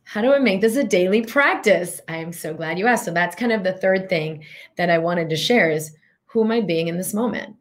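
Middle-aged female wellness coach, earnest and reflective, lower pitch, steady teaching delivery. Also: brisk. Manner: earnest, reflective, with guided questions. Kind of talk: teaching talk to listeners.

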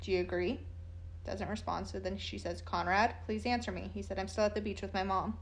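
A woman's voice: mid-range voice, fairly even intonation, brisk. Woman reading texts matter-of-factly. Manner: plain, matter-of-fact reading, casual asides. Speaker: true crime storyteller. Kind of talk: reading text messages aloud with narration.

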